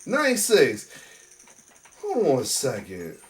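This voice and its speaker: A man hosting a reaction video in casual chat, excitable, laughing often and restarting his sentences. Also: mid-range voice, a little slow, far from the mic. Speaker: reaction channel host.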